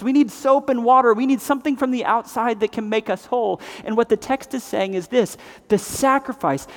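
A man preaching a sermon as pastor, swinging between loud emphatic passages and hushed, grave ones. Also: very high voice. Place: church sanctuary. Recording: long reverb of a large hall.

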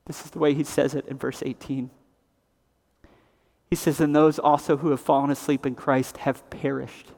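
A man preaching a sermon as pastor, swinging between loud emphatic passages and hushed, grave ones. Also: fairly high pitch, flat delivery, normal speed, vocal fry. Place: church sanctuary. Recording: long reverb of a large hall.

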